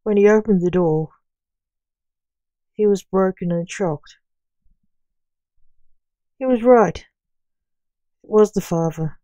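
A woman narrating a short story in a plain, unhurried reading. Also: mid-range voice, warm tone, no room sound.

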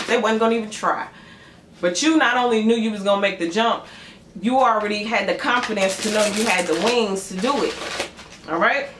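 A woman doing a casual tarot reading for her channel, chatty and animated as she tells a story. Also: fairly high pitch. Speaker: tarot reader. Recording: echoey room with faint noise.

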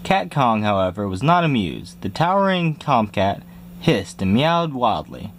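A man reading a children's picture book aloud in a lively storytelling manner, jumping high for squeaky cries. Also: measured pace, slight background noise. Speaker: reader.

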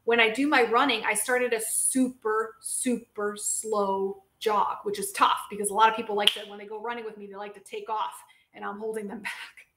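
A woman hosting a casual live-stream Q&A as a physical therapist, chatty and lively, talking straight to her viewers. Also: medium pitch, moderate pace, roomy sound, a little hiss or hum. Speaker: physical therapist and show host.

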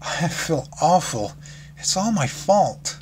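A man voicing a shy, gentle female pony who apologizes softly and sorrowfully. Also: medium pitch, moderate pace, close to an everyday voice. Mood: remorseful. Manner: soft, apologetic. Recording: background noise.

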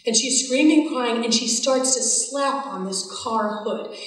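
A woman telling a personal story to a live audience in a chatty, animated way with wry asides. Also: fairly high pitch, unhurried. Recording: echoey hall, voice from a distance.

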